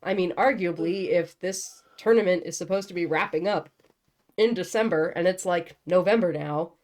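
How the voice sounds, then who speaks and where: A woman's voice: on the low side, normal speed, a little mellow. A young woman reading a novel aloud and breaking off for casual, joking commentary. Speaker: book channel host.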